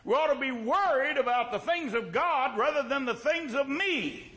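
A man's voice: very high-pitched, lively intonation, moderate pace, fairly bright tone, low-quality recording. A male pastor preaching a sermon in a folksy, joking way, with emphatic repetition.

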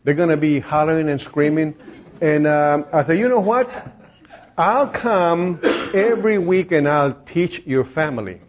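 High-voiced man preaching, lo-fi. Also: animated, a little slow. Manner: storytelling, acts out quoted voices, laughs often. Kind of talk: sermon testimony. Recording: dull lo-fi recording.

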